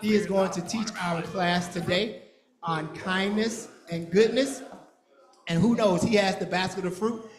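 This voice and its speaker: A man leading a church children's program, playful and energetic, teasing the kids and adults as he gets them moving. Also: high voice, unhurried. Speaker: VBS program leader. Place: large church hall. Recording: echoey hall with crowd.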